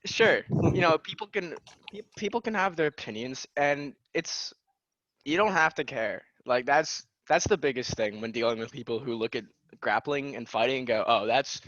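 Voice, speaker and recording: Young male podcast guest, bright forceful voice, lively storyteller, dull dry call audio. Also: mid-range voice, moderate pace, dry recording. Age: young adult. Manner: animated storytelling, acts out quotes. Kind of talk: casual podcast chat.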